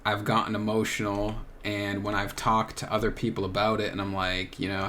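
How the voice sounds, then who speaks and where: A young man hosting a solo podcast, thinking out loud in a searching, rambling way with many filler words. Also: lowish voice, fairly even intonation, moderate pace, hardly any pauses, slight background noise. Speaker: podcast host. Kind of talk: reflective solo monologue.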